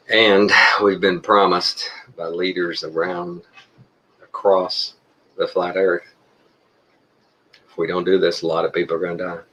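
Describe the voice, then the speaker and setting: A man's voice: sits low, a bit bright, dull audio, a little hiss or hum. A middle-aged Texan man talking to his viewers in a folksy, rambling way, chuckling often. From Texas. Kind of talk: casual monologue to viewers.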